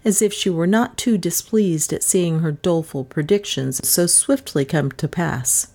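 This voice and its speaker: A woman narrating a story in a steady audiobook reading. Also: on the low side, measured pace.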